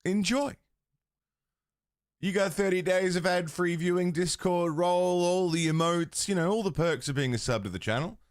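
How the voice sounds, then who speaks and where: A man's voice: high-pitched, normal speed, no room sound, studio quality. A man hosting a livestream, chatting casually with his viewers, swearing freely and laughing often. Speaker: livestream host. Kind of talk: casual chat with stream chat.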